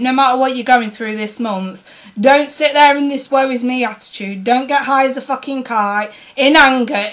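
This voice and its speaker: A woman giving a casual tarot reading to her viewers, blunt and swearing freely, her voice going a bit hoarse. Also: a little high, fairly bright tone, rough recording. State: losing her voice, coughing. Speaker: tarot reader.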